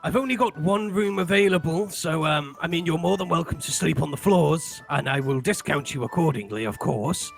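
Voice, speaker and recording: A man's voice: fairly high pitch, moderate pace, gravelly, hardly any pauses, soft background music, pitched above the performer's own voice. A man voicing a friendly, rambling old barkeeper with a mustache in a tabletop game. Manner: rambling, folksy, hesitant.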